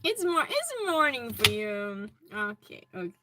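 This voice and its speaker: A woman's voice: mid-range voice, sing-song, measured pace, background noise. A woman hosting a hobby livestream from her home hobby room, chatting casually and greeting viewers by name as she reads their comments.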